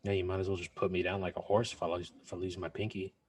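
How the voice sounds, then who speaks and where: A man's voice: deep voice, level tone, quick pace, breathy edge. An American man co-hosting a casual podcast chat, joking and laughing often. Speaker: podcast co-host.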